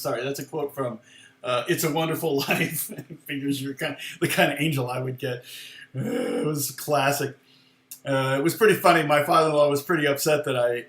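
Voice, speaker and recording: A middle-aged man tells a story in a loose, rambling way, chuckling often and restarting his sentences. His voice sits at an ordinary middle pitch. The room around him is echoey. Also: a bit bright. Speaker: guitar teacher on a live stream. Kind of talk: casual storytelling chat.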